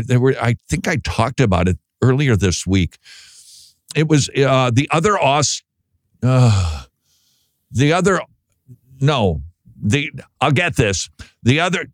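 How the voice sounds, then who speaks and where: Man, Minnesota accent, radio host, rambling chatty talk, lowish voice, dry studio sound. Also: dry recording. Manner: rambling, chatty, loses his train of thought. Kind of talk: casual talk radio monologue.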